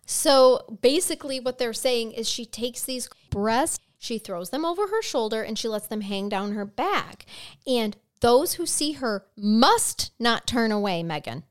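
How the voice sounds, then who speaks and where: A woman's voice: on the high side, lively intonation, unhurried, clear, resonant tone. A woman co-hosting a casual podcast on a headset mic, reading folklore aloud with playful asides and frequent laughter. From Irish descent, American. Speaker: podcast co-host. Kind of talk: casual chat.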